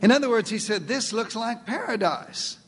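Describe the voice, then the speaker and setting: A man's voice: very high voice, expressive, moderate pace, vocal fry, slightly rough. A male pastor preaching a sermon in a folksy, playful way, acting out the voices in his quotes.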